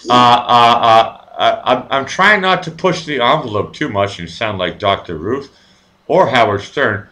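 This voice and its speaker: A man's voice: mid-range voice, lively intonation, measured pace, sharp tone. Stammering man hosting a live show. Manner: rambling, stammering, crude jokes. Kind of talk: casual live chat.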